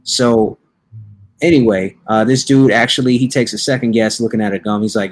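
A young man hosting a podcast, casually recapping a movie in a slangy, joking way and putting on quick voices for the characters. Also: medium pitch, steady tone. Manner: laid-back slangy storytelling with playful quoted voices. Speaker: podcast host. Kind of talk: casual comedic movie review.

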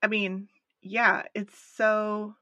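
A woman's voice: medium pitch, flat delivery, extremely slow, pushed and bright, no room sound, highs cut off. A woman co-hosting a podcast in casual chat, wry and joking as she works through her notes. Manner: wry, reads from notes, dry jokes. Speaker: podcast co-host.

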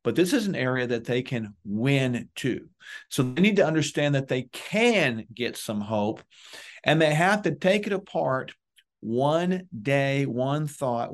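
A man giving emphatic coaching advice in a conversational interview, with lively, punchy bursts. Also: mid-range voice. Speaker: police wellness guest.

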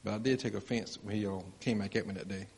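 A man's voice: lowish voice, steady tone, fast, gravelly, a little mellow, slight background noise. A man sharing a personal story in church, rambling with many fillers. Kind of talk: casual testimony.

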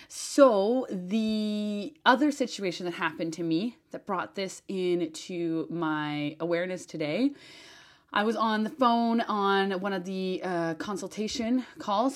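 A woman hosting a monologue podcast who talks in a chatty, animated way, with lots of fillers, restarts and emphatic swearing. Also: fairly low pitch. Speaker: podcast host and business advisor.

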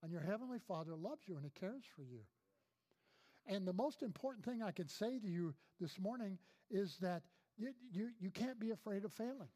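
A male pastor preaching a sermon in a noticeably high voice. He drives points home by repeating phrases and weaves in personal stories. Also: lively intonation, moderate pace, warm tone. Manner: emphatic preaching with repeated phrases and storytelling asides.

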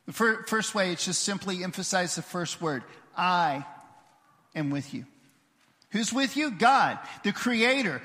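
Emphatic pastor, bright voice, big hall. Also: male voice, high voice. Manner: emphatic, varies loudness and pace, leads congregation responses. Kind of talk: sermon. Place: church sanctuary. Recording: livestream with long hall reverb.

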